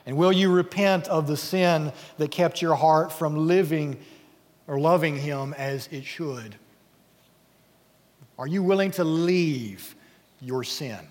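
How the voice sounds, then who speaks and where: An earnest male pastor preaches a sermon with a somewhat high voice, sometimes sinking to a quiet hush. His words ring out with the long reverb of a large church hall. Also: slow pace. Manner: earnest, dropping to a hush at key points. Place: church sanctuary.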